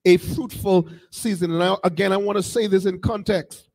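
A man with a strikingly high voice preaches a sermon, moving between quiet teaching and shouted, sung calls to the congregation. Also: fairly even intonation, normal speed, low-quality recording. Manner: call-and-response preaching, rising to shouts and sung cadences. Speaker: pastor.

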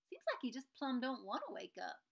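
A woman voicing a gruff old male country doctor of few words, with a plain folksy drawl. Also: a little high, huge pitch swings, normal speed, voice pushed up, heavily acted. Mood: blunt.

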